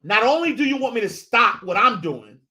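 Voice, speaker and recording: A man with a high, bright, energetic voice preaches to his audience in a motivational faith talk. He circles back on the same phrases and builds to fired-up peaks. His delivery is loose and slangy, and he keeps calling his listeners "y'all.". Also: fairly quick. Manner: animated, repetitive, preacher-like build-ups. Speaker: host.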